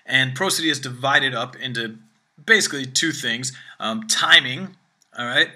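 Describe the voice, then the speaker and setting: A man's voice: mid-range voice, moderate pace, bright, forceful tone. A man giving a video language lesson, explaining at length and checking in often with "all right?" and "okay?". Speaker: language teacher. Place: room with phone ringing behind.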